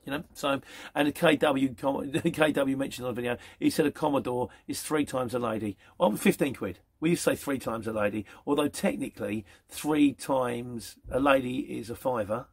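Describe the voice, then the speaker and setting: A man's voice: medium pitch, moderate pace, no echo. A middle-aged man, chatting casually through viewer questions as the host of a van courier channel, rambling and plain-spoken. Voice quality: gravelly, husky.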